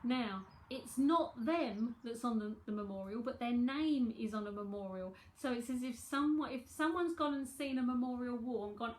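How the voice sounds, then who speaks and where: A woman's voice: high voice, normal speed, darkish tone. A woman with a London accent giving a chatty live psychic tarot reading from home, repeating herself as she talks to viewers.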